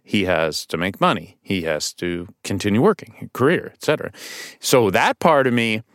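A man guesting on a podcast as an actor, telling stories casually in a studio, animated and swearing now and then. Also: lowish voice, moderate pace, no echo. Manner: animated storytelling with restarts and swearing.

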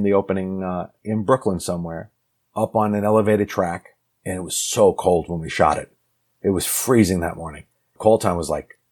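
A man telling a lively anecdote from his acting career as a guest, acting out the people he quotes. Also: sits low, husky. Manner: animated storyteller acting out quoted lines. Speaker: actor telling a story as guest. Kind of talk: casual anecdote.

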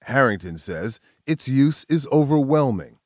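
A man who hosts a news segment, reading scripted narration in a measured reporter's delivery. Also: mid-range voice, big pitch swings, dry recording, studio quality. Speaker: news correspondent and host.

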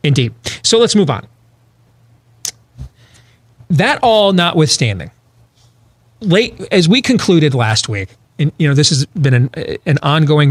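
A man's voice: medium pitch, no room sound. A man hosting a political talk show, talking emphatically with rhetorical questions and frequent restarts.

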